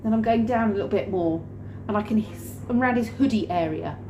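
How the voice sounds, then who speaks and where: A woman vlogger telling a story in a lively way, acting out the scenes. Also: medium pitch, quick pace, muffled recording, background noise. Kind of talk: animated storytelling vlog. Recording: roomy room with faint ambience.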